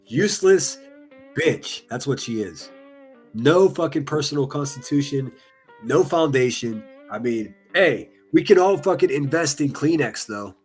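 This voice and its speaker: A man's voice: mid-range voice, expressive, measured pace, husky, soft background music. A man doing casual reaction commentary, reading comments aloud in a sarcastic, mocking and profane way. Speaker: online commentary streamer.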